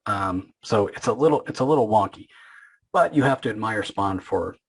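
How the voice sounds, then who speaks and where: A man with a low, husky voice, talking through a comic book story as a podcast host. His delivery is loose and rambling, with many fillers and restarts. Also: lively intonation, normal speed, low-quality recording. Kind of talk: casual comic book recap.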